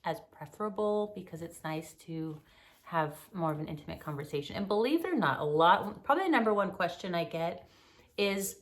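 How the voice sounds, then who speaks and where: This middle-aged woman talks as a therapist in a relaxed conversation. Her voice is fairly low, and she explains things earnestly, filling pauses with ums. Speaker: mental health therapist, guest. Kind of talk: casual conversation.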